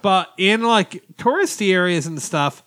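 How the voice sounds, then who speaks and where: A man hosting a casual podcast chat, relaxed and easygoing as he leads the topics. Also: high-pitched, unhurried. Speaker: podcast host.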